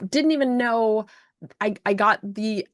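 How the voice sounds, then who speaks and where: A woman hosting a podcast, telling an emotional story in an animated way, with frequent restarts. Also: fairly high pitch, a little slow, no echo, studio quality. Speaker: podcast host and self-published author. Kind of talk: casual storytelling chat.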